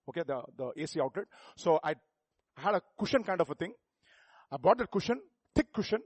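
A middle-aged pastor, preaching a sermon full of rhetorical questions that builds to emphatic peaks. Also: male voice, sits high, big pitch swings, brisk, husky, no echo.

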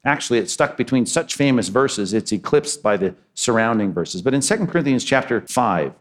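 A man's voice: medium pitch, lively intonation, a little fast. A man preaching a sermon as pastor, emphatic and repetitive, pushing his points with rising and falling intensity.

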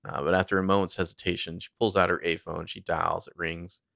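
Deep gravelly man recapping an episode. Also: flat delivery, brisk, fairly bright tone, no echo, studio quality. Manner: narrates scenes and acts out character lines in a loose, chatty way. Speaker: podcast co-host recapping a TV episode. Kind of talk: casual recap chat.

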